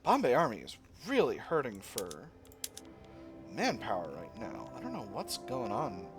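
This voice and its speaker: A man talks through his strategy game moves in a relaxed, thinking-aloud way. His voice rises and falls in a lively way at a middle pitch, and background game music plays steadily under his words. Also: a little slow. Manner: thinking aloud, with fillers and self-corrections. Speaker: let's play gamer. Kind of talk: casual strategy game commentary.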